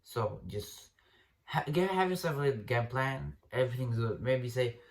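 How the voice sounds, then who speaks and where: A man's voice: medium pitch, unhurried. Guy ranting dating advice off the cuff, swears a lot, keeps restarting sentences, says bro. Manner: blunt and profane, rambling with restarts, says bro. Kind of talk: casual unscripted rant.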